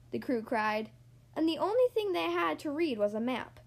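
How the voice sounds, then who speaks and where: Lively woman reading a storybook aloud. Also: high-pitched, moderate pace, gravelly. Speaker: storybook reader. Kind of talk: storybook read-aloud narration.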